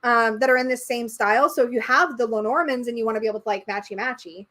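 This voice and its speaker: A high-pitched woman chats loosely on a live stream, gushing over each card she holds up. She laughs easily at her own quirks and keeps the talk light and warm. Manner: gushing, self-deprecating, quick to laugh. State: slight tickly throat, coughing. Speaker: co-host of a tarot livestream. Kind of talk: casual live-stream chat.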